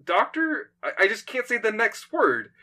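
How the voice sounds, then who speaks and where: Brief: man playing a little boy, hesitant, matter-of-fact, lively. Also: high voice, normal speed, pitched above the performer's own voice, full character voice. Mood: puzzled. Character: young boy who talks to an invisible being.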